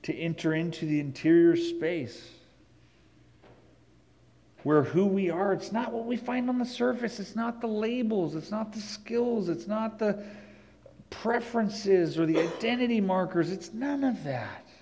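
A man's voice: expressive, warm tone, low-quality recording. Preaching man, emphatic and dynamic. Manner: builds to emphatic peaks, then drops low and slow for scripture. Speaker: pastor. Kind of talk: sermon.

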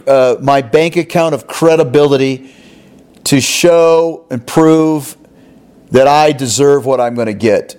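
Slow-speaking male preacher. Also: medium pitch. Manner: expressive preaching, voicing characters in the story. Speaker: pastor. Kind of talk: sermon.

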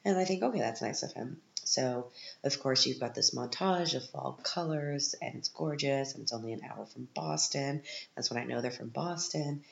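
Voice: mid-range voice, normal speed, vocal fry, echoey room, muffled recording, a little hiss or hum. A podcast host recapping a film from their living room in a rambling, sarcastic way, full of asides.

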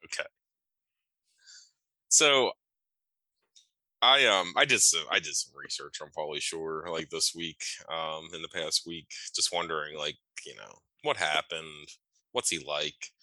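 A man's voice: rumbling low, a little slow, pauses often, bright, forceful tone, dry recording, rough recording. A man co-hosting a podcast in casual chat, rambling with many fillers and casual swearing. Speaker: podcast co-host.

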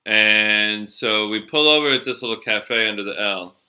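A man's voice: fairly low pitch, moderate pace, sharp tone. A middle-aged man telling a loose, profane story from his cab-driving days in a casual chat. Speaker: storyteller, former cab driver.

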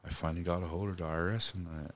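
A man recounting a personal story, halting and restarting often, speaking of God and blessing. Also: low-pitched, steady tone. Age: adult parent. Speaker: guest.

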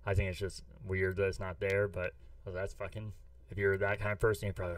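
A man's voice: deep voice, little pitch movement, fast talker, dry recording, recorded from a distance. A man from the US Midwest, co-hosting a podcast, chatting casually in a rambling, profane storytelling way. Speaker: podcast co-host. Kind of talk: casual chat.

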